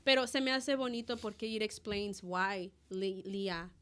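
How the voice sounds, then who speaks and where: A woman's voice: mid-range voice, moderate pace, fairly bright tone, clean tone. A young woman co-hosting a podcast, chatting casually and switching between English and Spanish as she retells a story with animation. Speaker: podcast co-host. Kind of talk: casual chat.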